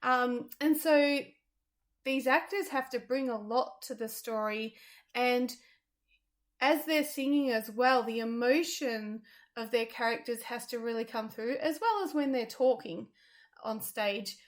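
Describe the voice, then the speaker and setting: A woman's voice: on the high side, a little slow. Woman, thoughtful and hesitant. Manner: thoughtful, hesitant with many ums. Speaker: theatre reviewer. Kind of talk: casual review chat.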